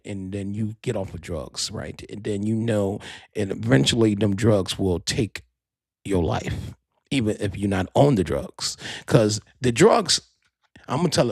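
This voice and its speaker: A man hosting a podcast in a casual monologue, animated and profane, full of street slang. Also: lowish voice, creaky, slightly rough, no room sound, clean studio sound. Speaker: podcast host and DJ.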